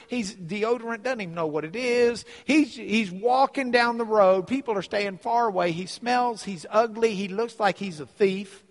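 Animated male preacher in an echoing hall. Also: high-pitched. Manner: animated storyteller, repeats phrases. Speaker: pastor. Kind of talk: sermon storytelling. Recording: reverberant hall.

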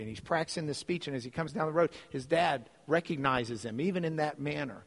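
A man preaching a sermon, telling a story with lively delivery and repeating phrases for emphasis. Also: a little high, a little fast, gravelly. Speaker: pastor. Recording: reverberant hall.

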